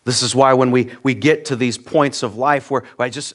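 Earnest male pastor preaching. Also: measured pace. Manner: earnest, direct, repeats words when starting a thought; swings between loud emphatic peaks and quiet low asides. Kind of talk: sermon. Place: church.

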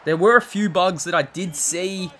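A high, bright-voiced man calls a football video game live as he plays it. He jumps from loud, excited calls to quiet muttering, and a faint hum of ambience sits behind him. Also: normal speed. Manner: excitable, swings from shouted calls to low muttered asides. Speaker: gaming channel host.

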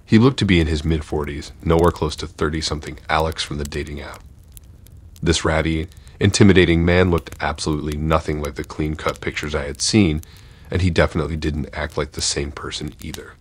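Guy with a super low husky voice reading a scary story, calm and steady. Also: fairly quick. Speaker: horror story narrator. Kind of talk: scripted first-person narration.

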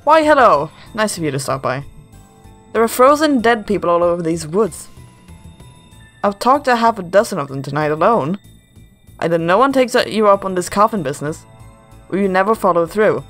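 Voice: medium pitch, sing-song, moderate pace, long pauses, a bit bright, faint music behind. A gamer reading aloud as a sardonic coffin seller in a cabin, dry and mocking. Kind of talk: reading game dialogue aloud.

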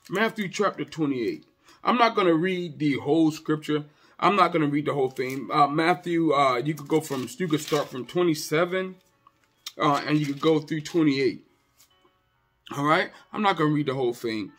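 A pastor delivering a fervent, repetitive sermon in a high, ringing male voice. He speaks straight to his listeners with quick conversational asides. Soft music plays underneath. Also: husky. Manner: impassioned, repetitive preaching that often rises to a shout.

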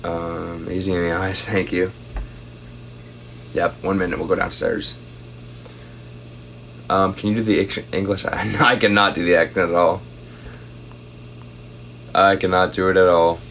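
A man's voice: sits low, flat delivery, measured pace, gravelly, pauses often, a bit bright, a little hiss or hum. A young man chatting casually on a phone livestream at home, reading out viewer comments and thanking them for gifts.

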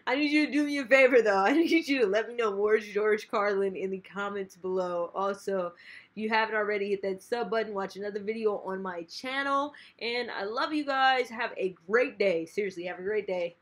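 A woman's voice: medium pitch, a little fast. A young woman hosting a reaction video, chatty and upbeat, laughing often as she talks. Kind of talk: casual reaction commentary.

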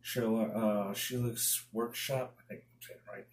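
A Bronx man with a New York accent chats casually through a home DIY job for his YouTube channel, muttering to himself as he works and letting out mild, exasperated exclamations. His voice is lowish and moderately paced with little pitch movement, recorded in an echoey room.

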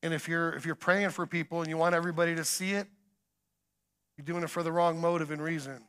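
A middle-aged man preaching a sermon, swinging between emphatic calls and quiet storytelling. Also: fairly high pitch, level tone, fast, clear, resonant tone. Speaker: guest preacher.

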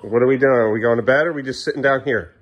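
A man's voice: mid-range voice, rapid-fire, highs cut off, a little hiss or hum. A young dad filming a casual home vlog, talking to his kids at bedtime and now and then snapping at them in frustration. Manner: exasperated, scolding in bursts. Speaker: parent vlogger.

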